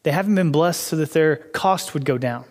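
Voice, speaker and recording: A man's voice: on the high side, moderate pace. A young adult male pastor preaching a casual, conversational sermon, acting out inner dialogues with God, in a church hall.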